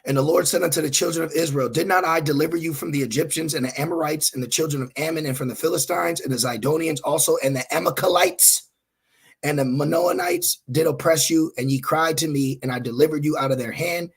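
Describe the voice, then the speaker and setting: A man preaching in a rough, raspy voice with a gravelly edge, pitched a little high for a man. He scolds his listeners and drops in blunt, profane asides between the Bible verses he reads aloud. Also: fast talker. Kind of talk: online scripture teaching.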